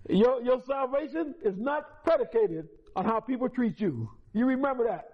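At a recovery meeting, a man with a very high-pitched, animated voice gives a personal testimony about his life at normal speed. He's folksy and repetitive, chuckling as he goes, on a dull lo-fi recording.

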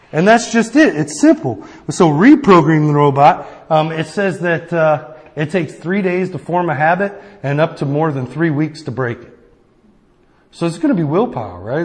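A man preaching a sermon in a casual, conversational way, often checking in with the listeners with a quick "right?". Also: a little high. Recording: long reverb of a hall.

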